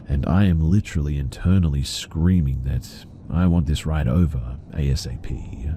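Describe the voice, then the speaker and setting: A man's voice: rumbling low, unhurried, warm tone, slight background noise. A man narrating a first-person horror story in a casual, conversational way.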